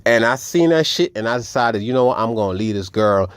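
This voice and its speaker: A man telling a personal story in a casual, animated and profane way, often calling his listeners "family". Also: medium pitch, fairly quick, clear, resonant tone, dry recording. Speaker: vlogger.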